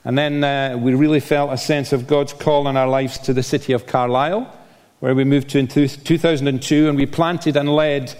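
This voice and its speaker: An older Scottish man preaches from the front of a church, his voice carrying with a long hall reverb. He speaks at a middle pitch, warm and self-deprecating, with plenty of "uh" fillers. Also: fairly even intonation, moderate pace. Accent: Scottish, softened by years in England. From Scotland. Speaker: visiting preacher. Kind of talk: sermon.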